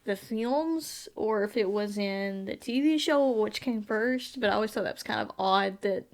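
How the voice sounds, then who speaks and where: A woman's voice: medium pitch, normal speed. A woman with a mid-range voice co-hosting a fan podcast. She talks casually and at length, often hedging and admitting what she cannot remember. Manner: rambling, unsure, hedging often. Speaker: podcast co-host. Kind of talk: casual chat.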